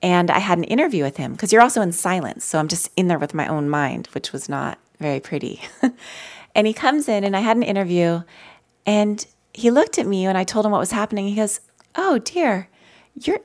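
A woman telling personal stories in a gentle, conversational way as she leads a live mindfulness talk for an audience. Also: mid-range voice, animated, a little fast. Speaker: mindfulness teacher. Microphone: handheld mic.

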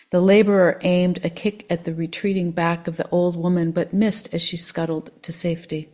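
A woman reading a first-person story aloud in an expressive, measured way. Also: lowish voice.

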